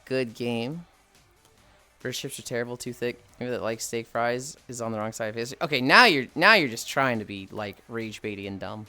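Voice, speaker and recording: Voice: mid-range voice, a little fast, sharp tone, faint music behind. A livestreamer chatting casually with viewers, reading chat aloud and ranting playfully with plenty of swearing. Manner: swears freely, reads and answers chat.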